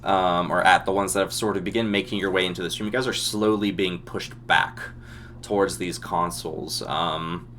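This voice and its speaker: A man running a tabletop role-playing game as game master, narrating the scene in a relaxed way with frequent ums. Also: low-pitched, moderate pace, a little hiss or hum. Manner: descriptive, relaxed, many ums.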